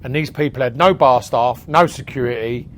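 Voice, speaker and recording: A man's voice: medium pitch, moderate pace, a little hiss or hum. A man being interviewed on a podcast, chatting casually, telling stories, acting out conversations and laughing often. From England. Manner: chatty storyteller, acts out dialogue, laughs often. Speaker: podcast guest, events promoter.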